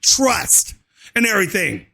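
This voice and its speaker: High-voiced man ranting fiercely. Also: very animated, a little slow, gravelly. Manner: fiery, keeps shouting and adding "and so forth"; crude slang and cursing. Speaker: vlogger. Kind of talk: ranting political commentary.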